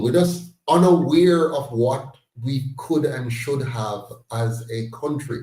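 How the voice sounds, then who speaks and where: Jamaican male host, mellow tone, emphatic and indignant, recorded distant and roomy. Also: mid-range voice, takes it slowly, few pauses. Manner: emphatic, rising to exclaim in indignation. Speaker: host of a political discussion meeting. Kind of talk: passionate political talk.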